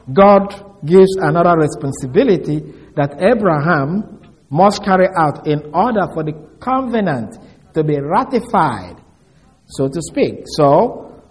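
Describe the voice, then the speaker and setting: Male preacher, slightly high voice, animated intonation, deliberate teaching delivery. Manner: slow, deliberate, explains word by word with emphasis. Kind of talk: sermon teaching from scripture.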